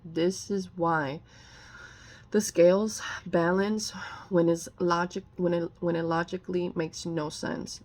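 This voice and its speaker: A woman's voice: fairly low pitch, flat delivery, slow pace, a little mellow. A woman giving a casual tarot reading, rambling with many fillers and restarts and often apologizing. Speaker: tarot reader.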